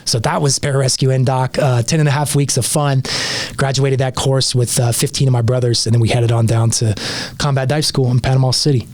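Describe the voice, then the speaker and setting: A man recounting a hard experience with steady earnestness, a mid-pitched voice in a dry, close recording. He talks casually and keeps the story moving. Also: a little fast, no room sound. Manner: earnest, vivid storyteller with some restarts. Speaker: podcast guest, veteran.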